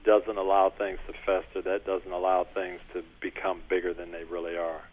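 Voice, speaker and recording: A man, a coach and author, answering interview questions in a measured, earnest way. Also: low-pitched, monotone, slight background noise. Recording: tinny phone-line call.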